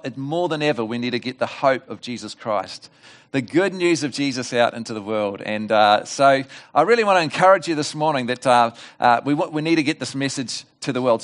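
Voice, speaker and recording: A middle-aged man preaching a sermon at a church service, telling a joke as an animated storyteller with rambling asides and restarts. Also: mid-range voice. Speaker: guest preacher.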